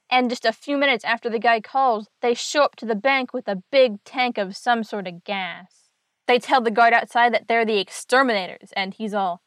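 Chatty woman recapping comics, higher voice. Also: dry recording. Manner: wry, chatty asides and jokes. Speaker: podcast host recapping a comic book. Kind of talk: casual comic recap narration.

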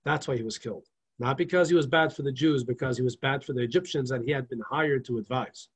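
A man's voice: mid-range voice, fast talker, breathy edge. A man teaching a Torah lecture in an emphatic, moralizing way, pressing his points home through repetition. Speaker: religious teacher.

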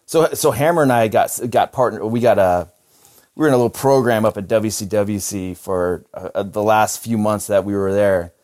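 A man's voice: fairly low pitch, normal speed, a little mellow. A man who is a former wrestler, hosting a casual podcast chat and telling stories full of swearing and laughter. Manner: profane, laughing storyteller.

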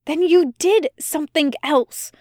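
A woman puts on a seething male angel who snaps out accusations in a high, near-hissing voice. He sounds pitched up, demanding and suspicious, recorded close and dry for a fan audiobook. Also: measured pace, darkish tone, dry recording. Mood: angry.

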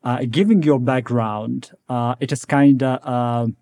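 Mellow-voiced podcast host. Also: male voice, mid-range voice, steady tone, measured pace. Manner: chatty, laughs often. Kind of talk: podcast hosting.

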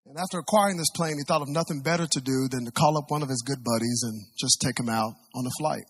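A man preaching a sermon, telling a story dramatically with big swings in loudness. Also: mid-range voice, quick pace, slightly rough.

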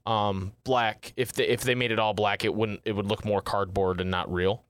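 A man co-hosting a casual podcast, chatting excitedly, swearing now and then and acting out lines in a put-on accent. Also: fairly low pitch, normal speed, no echo. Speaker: podcast co-host. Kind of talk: casual chat.

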